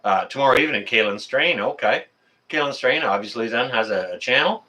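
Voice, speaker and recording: Lively, bright-voiced man chatting. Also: mid-range voice, fairly quick. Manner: chatty, talks to viewers and reads chat aloud. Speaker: live stream host. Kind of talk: casual live-stream chat. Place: apartment.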